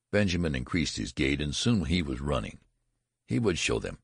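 Very deep gravelly male narrator. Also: sing-song, normal speed, dry recording, clean studio sound. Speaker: audiobook narrator. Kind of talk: storybook narration.

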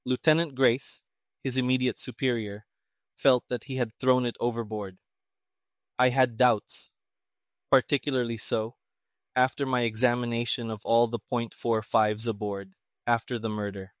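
A man voicing a calm, shrewd male detective who speaks quietly and precisely. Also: mid-range voice, moderate pace, dry recording, studio quality, natural voice.

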